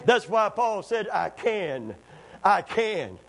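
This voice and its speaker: A man preaching a sermon in a church, calling for amens and rising to shouted emphasis. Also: high voice, very animated, slow pace, creaky, low-quality recording. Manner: call-and-response, climbs to shouted emphasis.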